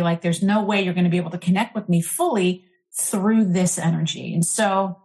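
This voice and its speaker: A middle-aged interfaith minister tells a candid personal story, speaking a bit fast in a mid-range voice. She comes across earnest and animated, with her speech full of fillers.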